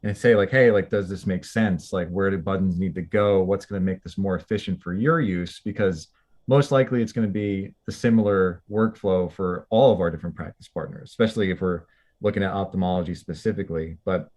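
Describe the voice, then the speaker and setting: A man with a fairly low voice speaks as a guest on a podcast. His talk is loose and conversational, with plenty of casual fillers strung between his points. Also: a little fast, darkish tone. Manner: loose and chatty, many "like" and "you know" fillers. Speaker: company representative guest.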